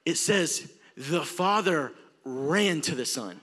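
A young man preaching with an Alabama drawl, his voice sitting high and sounding bright and forceful. He delivers a passionate sermon that swells from hushed moments to near-shouting. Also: animated, takes it slowly. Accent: Southern US, Alabama. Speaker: youth preacher.

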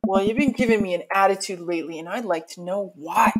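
Woman, mid-range voice, reading game dialogue over clear background music with dry sarcastic asides. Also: mid-range voice, fast talker, hardly any pauses, low-quality recording. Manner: sarcastic, self-mocking ad-libs. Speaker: let's player.

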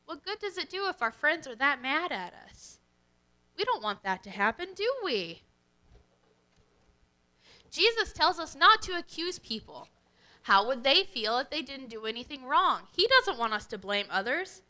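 A woman leading a children's worship lesson, speaking in an animated, sing-song way to kids. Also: high-pitched, unhurried, low-quality recording.

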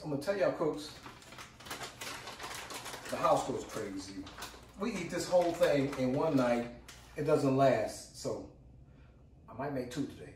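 A man's voice: mid-range voice, darkish tone, recorded from a distance. A man hosts a home cooking demo, hyped and repeating himself as he calls out to his viewers. His voice jumps around with lots of expression. He sounds a bit away from the mic in an echoey kitchen with faint background hum. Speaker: cooking channel host.

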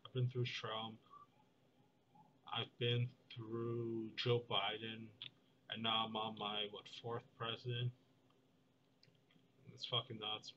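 A young man talking in a meandering, deadpan vlog monologue, full of fillers and restarts. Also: on the low side, muffled recording, slight background noise. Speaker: vlogger. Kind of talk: rambling monologue.

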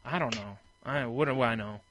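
A man co-hosting a casual podcast, telling animated stories and acting out the voices of the people he quotes. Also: medium pitch, normal speed. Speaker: podcast co-host. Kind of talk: casual chat.

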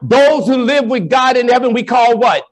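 A man who is a Catholic priest, giving a joking, animated storytelling talk to an audience of educators. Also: very high voice, normal speed. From New Orleans. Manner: animated, joking, plays to the crowd.

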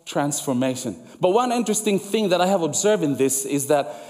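High-voiced man preaching a sermon. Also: animated, brisk. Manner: emphatic preaching, repeats phrases for effect, drops soft and low for quoted words. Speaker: pastor. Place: church sanctuary. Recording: long church hall reverb.

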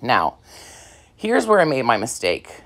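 Chatty, lively craft vlogger woman. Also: very deep voice, a little slow. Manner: chatty and rambling, many ums and you-knows. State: slightly out of breath. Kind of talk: casual crafting tutorial talk.

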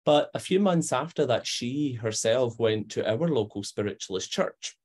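Scottish man, medium-pitched voice, conversational guest storyteller, animated, mimics quoted people. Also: moderate pace. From Scotland. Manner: animated, acts out quoted voices, frequent fillers.

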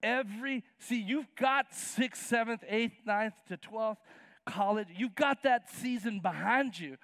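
A man in his fifties delivers a sermon from a church stage, his voice sitting high. He acts out Bible scenes in casual, slangy voices with plenty of energy. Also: unhurried, a bit bright, dry recording, studio quality. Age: 50s. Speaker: pastor. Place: church sanctuary.

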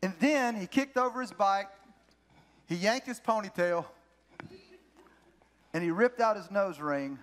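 A man with a high-pitched voice preaching a sermon from the pulpit. He tells stories with animated energy and hammers home his main phrases by repeating them slowly. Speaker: pastor. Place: church sanctuary.

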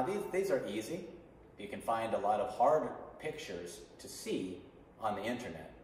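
A man's voice: on the low side, darkish tone, a little hiss or hum. A man teaching an online English class, patiently drilling sentence patterns for students to repeat. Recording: echoey room from a distance.

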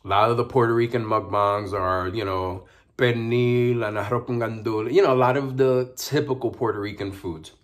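A man with a fairly low voice talks through a casual eating vlog at home. He chats easily between bites and hums with pleasure as he savors the food. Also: fairly even intonation, moderate pace. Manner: chatty, savoring food with frequent mm sounds. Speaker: mukbang vlogger.

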